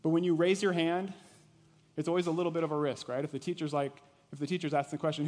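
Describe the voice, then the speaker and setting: A man preaching a sermon in a conversational way, asking his listeners questions and dropping to a quiet intensity on key points. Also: on the high side, steady tone, rapid-fire. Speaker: pastor. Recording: long reverb of a large hall.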